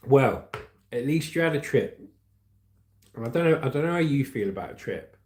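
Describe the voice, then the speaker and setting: A man's voice: mid-range voice, animated, moderate pace, a little mellow, slight background noise. A man in his forties hosting a casual livestream, reading out viewer comments and news with frequent laughs. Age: 40s. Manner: chatty, laughs often, reads comments aloud. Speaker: livestream host. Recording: echoey room.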